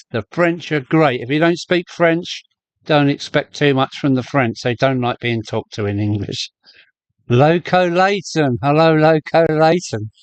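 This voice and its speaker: Slow, chatty man hosting a live stream. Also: a little high, dry recording. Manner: chatty, rambling, greets viewers by name. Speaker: host of a model railway live stream. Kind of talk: casual live-stream chat. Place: home loft with a model railway layout.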